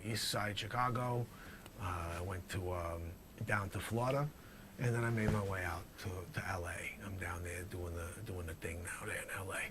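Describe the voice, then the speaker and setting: A man voicing a brash, tough-talking middle-aged male drug dealer who swaggers and boasts, swinging from loud claims to low mutters in a comedy sketch. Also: fairly even intonation, normal speed, noisy background, close to an everyday voice. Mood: swaggering.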